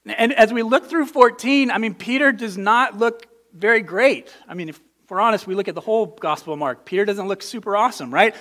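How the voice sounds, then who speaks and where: A man's voice: high-pitched, fairly quick, fairly bright tone. A man preaching a conversational sermon, earnest and emphatic, often repeating words as he restarts a thought. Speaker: pastor.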